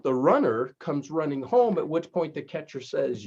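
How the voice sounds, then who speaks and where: A man's voice: a little high, lively intonation, moderate pace, hardly any pauses, darkish tone. A man hosting a casual chat, telling puns and stories and laughing at his own jokes. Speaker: host. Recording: dull lo-fi sound.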